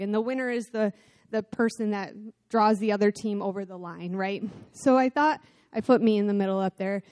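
A middle-aged woman preaching a sermon in church, telling a self-deprecating personal story with animated delivery. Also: mid-range voice, no room sound, studio quality. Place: church sanctuary.

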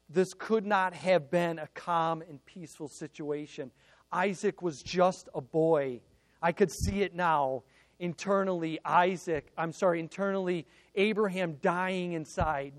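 High-voiced, unhurried male preacher. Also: no echo. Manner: earnest storytelling, swinging between emphatic and hushed. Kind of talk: sermon.

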